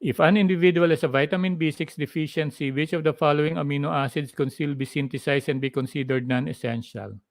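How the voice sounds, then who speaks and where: Filipino man, live review lecture, slightly high voice, dry close sound. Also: steady tone, fast, vocal fry, hardly any pauses, no echo. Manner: drills answers with mnemonics and Taglish asides. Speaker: biochemistry lecturer.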